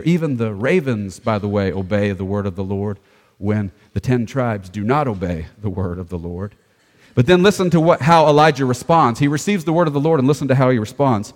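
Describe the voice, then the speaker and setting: A pastor delivering a sermon, preaching emphatically with rhetorical questions and slowing down to read scripture aloud. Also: male voice, medium pitch, darkish tone, big-room sound.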